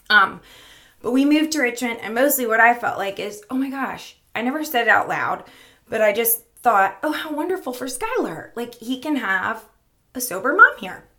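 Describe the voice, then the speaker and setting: A woman's voice: a little high, pushed and bright. A middle-aged woman speaking candidly in a personal vlog, rambling and laughing often, tearful at times. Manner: rambling, laughing often, losing her thread. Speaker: vlogger.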